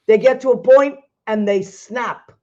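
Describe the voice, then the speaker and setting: A middle-aged woman hosting a casual chat show, animated and quick to laugh. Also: on the high side, dull audio. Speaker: host.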